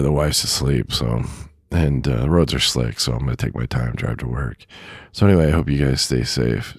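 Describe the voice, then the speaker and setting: A man with an extremely deep, gravelly voice talks through a podcast monologue in a loose, rambling way, full of fillers and little chuckles. The voice is husky and sits close and dry on the mic. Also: darkish tone, no room sound. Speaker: podcast host; truck driver. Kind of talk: casual spoken monologue.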